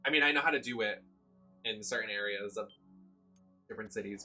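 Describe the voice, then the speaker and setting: Bright-voiced man fretting through gameplay. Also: fairly low pitch, brisk, soft background music. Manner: anxious, dramatic exclamations. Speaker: streamer. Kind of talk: live gameplay commentary.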